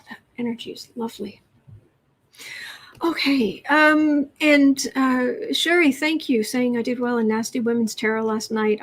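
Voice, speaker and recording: On a live stream, a woman tarot reader with a voice on the high side chats as she reads viewers' questions aloud, cooing to her cat in between.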